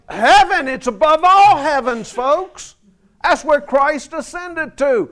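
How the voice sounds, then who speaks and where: Slow, high-voiced male preacher. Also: expressive, bright, forceful tone. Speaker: pastor. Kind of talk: sermon.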